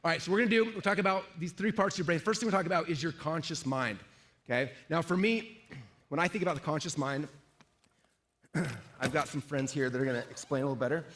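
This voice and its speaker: A middle-aged man giving a lively live sales seminar, quizzing the audience and acting out inner voices. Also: a little high, fast, a little hiss or hum. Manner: energetic, asks the audience questions, acts out inner voices. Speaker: sales trainer.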